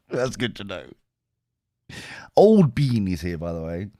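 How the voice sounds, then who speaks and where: Brief: male podcast host, chatty and jokey, very animated pitch, dry close mic. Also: slow, no room sound. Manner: chatty, laughing, jumps between high and low pitch. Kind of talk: casual chat.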